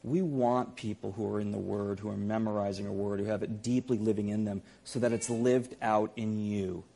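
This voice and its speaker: A man's voice: on the low side, steady tone, normal speed, creaky, mellow. A pastor giving a sermon, earnest and emphatic, often repeating his key phrases.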